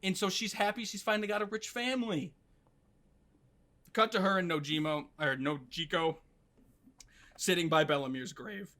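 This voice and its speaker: A young man hosting a podcast, recapping an anime story in a casual, animated way, briefly acting out characters and swearing. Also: high voice, normal speed, pauses often.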